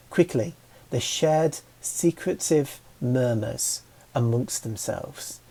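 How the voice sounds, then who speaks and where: A man reading a fantasy story aloud as narrator, with a slow, even delivery. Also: medium pitch, vocal fry, breathy edge. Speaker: audiobook reader.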